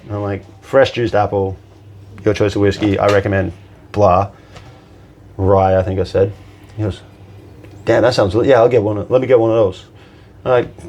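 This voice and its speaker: This bartender guest on a podcast is an animated anecdote teller who curses and acts out quotes in casual storytelling. His voice is on the low side, and he talks fairly quickly but leaves long pauses.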